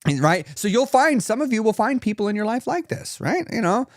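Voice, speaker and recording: A man's voice: high voice, sing-song, fairly quick, no echo, studio quality. A man hosting a weight loss live stream, giving an emphatic, repetitive motivational talk and reading out viewer comments.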